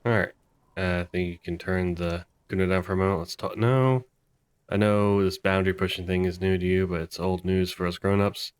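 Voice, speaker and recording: A man streams a game in a low voice, reading dialogue aloud in a casual, hesitant way. He often doubts his own choices. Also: fairly even intonation, fairly quick, clear, resonant tone. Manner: hesitant, self-deprecating, reads dialogue aloud. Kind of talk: casual let's-play commentary.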